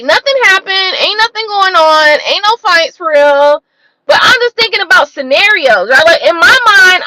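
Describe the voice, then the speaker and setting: Female host, unscripted rant, blunt and exasperated; very lively high voice. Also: background noise. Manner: blunt, profane, exasperated ranting with rhetorical questions. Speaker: tarot reader and channel host.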